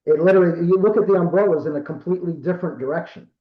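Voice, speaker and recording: A man in his fifties from Rhode Island spins a casual, meandering story as a guest, full of fillers and restarts. His voice sits a little high for a man. It comes through a video call with a roomy echo and dull, lo-fi sound. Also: rapid-fire. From Rhode Island, USA. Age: 50s. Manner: rambling, self-correcting, lots of fillers.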